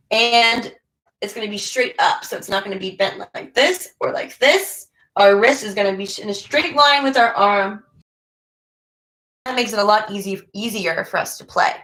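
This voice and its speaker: A woman's voice: mid-range voice, animated, normal speed, bright, forceful tone, low-quality recording. A woman teaching a violin lesson online, who is losing her voice, patiently calling out note names and finger numbers.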